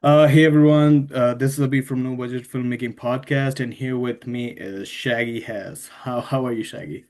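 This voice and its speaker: A man's voice: medium pitch, steady tone, normal speed, few pauses, a little mellow, faint music behind. A man hosting a podcast interview, speaking hesitantly with many fillers and encouraging his guest. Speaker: podcast host.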